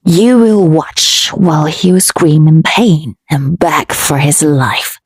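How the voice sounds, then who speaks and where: A woman voicing a furious male devil lord who taunts slowly and threateningly in a storybook reading. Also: sits low, lively intonation, breathy edge, no room sound, pitched below the performer's own voice, exaggerated voice. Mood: menacing, sneering. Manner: slow, sneering and threatening.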